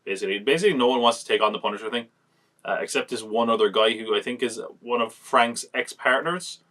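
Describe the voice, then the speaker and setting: A man's voice: medium pitch, fast talker, fairly bright tone. A man hosting a podcast, reviewing films in casual chat, rambling and acting out quotes as he retells scenes. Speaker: podcast host.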